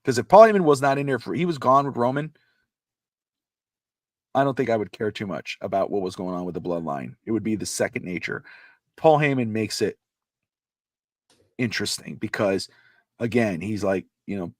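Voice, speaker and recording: A man co-hosting a casual podcast, rambling and animated, acting out quotes, with a slightly irritated throat. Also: lowish voice, normal speed, long pauses, no echo, studio quality. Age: adult with a child. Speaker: podcast co-host.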